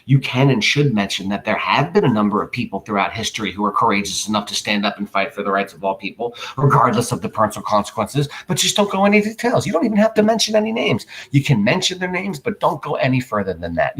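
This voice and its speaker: Man, teacher, writing lesson, lively voice that swings up and down, playful demonstrations. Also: mid-range voice, quick pace, few pauses. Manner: animated, playfully acts out examples.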